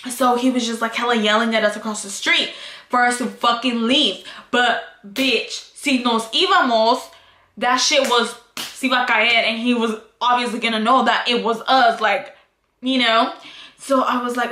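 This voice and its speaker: A woman's voice: on the high side, steady tone, moderate pace, bright, forceful tone. A woman vlogger telling a casual story, swearing constantly and switching into Spanish. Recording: echoey room.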